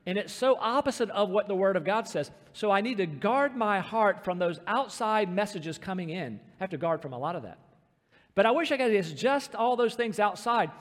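A man preaching a sermon, emphatic and slowing down to stress scripture. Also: high voice, expressive. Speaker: pastor. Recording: reverberant hall.

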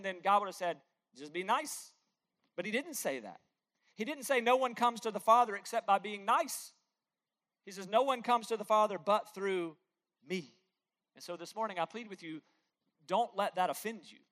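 A man preaching a sermon as pastor, pleading with his listeners, moving between loud emphatic lines and hushed, quiet ones. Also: high-pitched.

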